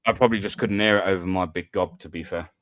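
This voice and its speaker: On an online voice-chat mic, a British panel host trades casual banter and pokes fun at himself through stories. He speaks in a low, steady voice at a quick pace, and the recording is dry.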